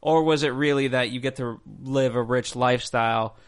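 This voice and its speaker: A man's voice: medium pitch, steady tone, moderate pace, clear, resonant tone. A man on a TV recap panel who talks things through with hesitant restarts. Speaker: show panelist. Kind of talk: casual TV recap chat.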